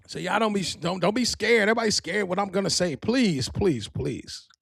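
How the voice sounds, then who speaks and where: A man hosting a podcast, telling gossip stories in a profane, rambling, animated way. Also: high-pitched, quick pace, creaky, no room sound, clean studio sound. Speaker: podcast host. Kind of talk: casual storytelling monologue.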